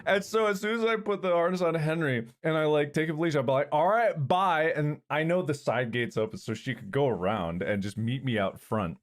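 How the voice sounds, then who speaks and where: A man telling a casual story in an animated way, mimicking his dog loudly. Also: mid-range voice, a little fast, few pauses. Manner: animated, does loud voices for his dog.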